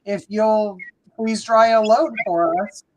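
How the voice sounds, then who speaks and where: A woman speaks as a panelist in a relaxed chat, her voice at an ordinary pitch. She talks chattily and fills her pauses with hesitant ums and you-knows. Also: slight background noise, low-quality recording.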